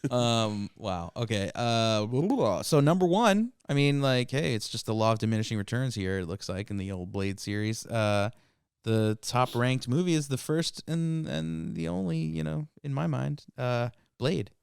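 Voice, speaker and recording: A man's voice: mid-range voice, animated, normal speed, vocal fry, smooth, no echo, studio quality. A man hosting a casual podcast chat, laughing often and talking loosely with lots of fillers. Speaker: podcast host.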